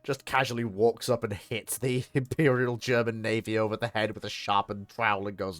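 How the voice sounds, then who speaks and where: A man's voice: on the low side, steady tone, measured pace, dry recording, faint music behind. A man streaming a naval strategy game, chatting casually, laughing often, swearing and putting on mock dialogue. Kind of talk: casual gaming commentary.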